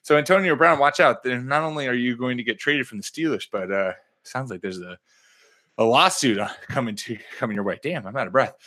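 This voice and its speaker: A man hosting a casual sports podcast, jokey and animated as he leads the questions. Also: mid-range voice, a little fast. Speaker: podcast host.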